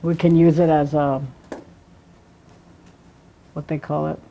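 Middle-aged woman, classroom teacher, unhurried and patient, fairly low voice, repeats words for students. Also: level tone, vocal fry, warm tone. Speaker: language teacher. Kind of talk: classroom lesson.

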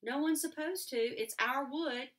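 A woman reading aloud as a curious, prim ten-year-old girl in a storybook, in a higher, eager voice. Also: a little slow, fairly bright tone.

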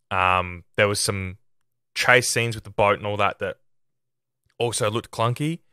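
A man with a low-leaning, fairly bright, clear and resonant voice hosts a film podcast, casually sharing opinions on a movie. He's chatty and opinionated, frequently starting with "look". The recording is clean studio sound with no room tone.

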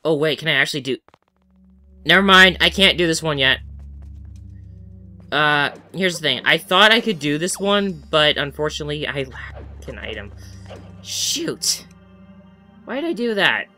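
Bright-voiced chatty gaming commentator man. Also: fairly high pitch, animated, moderate pace, long pauses, soft background music. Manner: chatty, rambling, talks to himself while playing. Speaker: video game let's-play commentator. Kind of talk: casual gameplay commentary.

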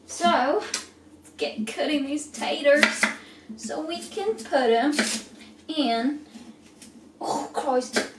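A home cooking vlogger with a high voice chats away in her kitchen among boiling pots, drawing out words and leaving long pauses over a noisy background. She's self-mocking and swears casually, captured by a camera set back across the echoey room.

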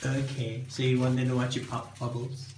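A woman's voice: a bass voice, flat delivery, moderate pace. A woman filming her child open packages, teasing and lightly scolding in casual family chat. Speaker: parent filming a child's unboxing. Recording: echoey room with background noise.

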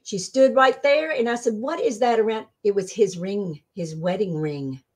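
A woman being interviewed as a spiritual medium, telling stories in a casual, animated way and acting out the voices she quotes. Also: normal speed. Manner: animated, acts out quoted voices with sudden pitch jumps. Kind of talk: casual storytelling.

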